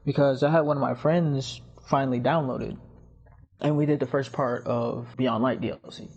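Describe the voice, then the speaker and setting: A man chats on a podcast in a husky, slightly breathy voice, wandering through his points with lots of fillers and restarts. The audio is muffled and lo-fi, like a dull home recording. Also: medium pitch, fairly even intonation, normal speed, a little mellow. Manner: rambling, storytelling with lots of fillers. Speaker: podcast guest or host. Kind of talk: casual podcast chat.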